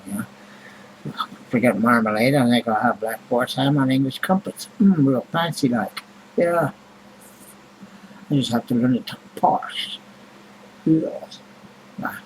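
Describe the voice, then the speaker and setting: A man's voice: mid-range voice, a little hiss or hum, poor audio. A man vlogging in a rambling, casual monologue, blunt and grumbling, with heavy swearing and many fillers.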